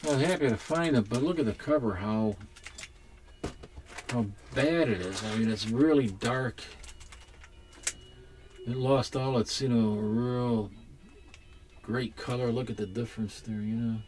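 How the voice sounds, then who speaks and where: A man chatting casually while unboxing comics at home, rambling and halting, with the odd swear word. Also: mid-range voice, a little mellow, a little hiss or hum. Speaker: comics collector vlogger.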